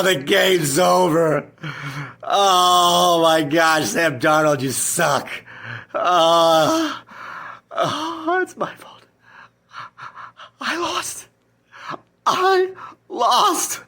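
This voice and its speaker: A woman's voice: a little high, a bit bright, breathy edge, heavily acted. A woman playing a distraught fantasy football manager in a comedy skit, sobbing, whispering and panicking. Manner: sobbing, whispering, swinging between panic and despair.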